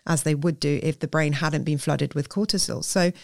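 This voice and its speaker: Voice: mid-range voice, steady tone, normal speed, creaky, a little mellow, dry recording, clean studio sound. A therapist, explaining earnestly and emphatically in a conversational interview. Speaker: therapist guest.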